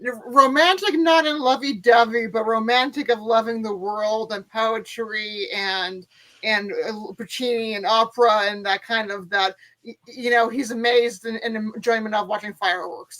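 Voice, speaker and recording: Bright, gushing woman panelist. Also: a little high, steady tone, normal speed, poor audio. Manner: enthusiastic, gushing. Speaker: podcast panelist. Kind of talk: casual podcast discussion.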